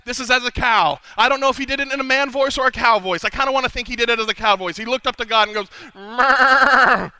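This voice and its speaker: A man preaching to a conference crowd. He drops to a hushed plea one moment and rises to loud, ringing proclamation the next. His voice sits high and sounds piercingly bright, and the recording is dry and close. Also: steady tone, very fast, few pauses, clean tone, no echo, rough recording. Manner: dramatic, swings from hushed pleading to loud proclaiming. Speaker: conference speaker. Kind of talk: sermon. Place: conference hall.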